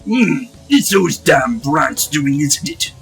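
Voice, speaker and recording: A man voicing a pompous, vain older male art master in a game, speaking slowly and sternly, with soft game music behind. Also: fairly high pitch, big pitch swings, vocal fry, full character voice, low-quality recording. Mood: haughty. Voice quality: slow, haughty and stern.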